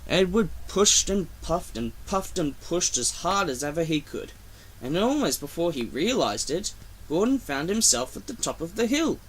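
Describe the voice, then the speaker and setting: Brief: male storyteller, expressive, animated intonation, bedtime-story reading. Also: a little high, moderate pace, slight background noise.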